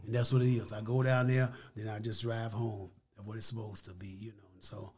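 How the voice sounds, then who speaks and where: A man's voice: fairly low pitch, little pitch movement, fairly quick, a little mellow. An older man, a podcast guest, telling stories in an emphatic, folksy way and repeating his phrases. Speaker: interview guest. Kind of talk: casual storytelling.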